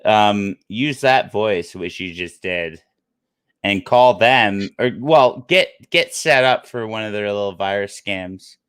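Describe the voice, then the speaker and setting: A man's voice: fairly low pitch, slow pace, fairly bright tone, clean tone. Blunt teasing man on a podcast. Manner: laughing, teasing, blunt swearing. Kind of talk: casual podcast chat.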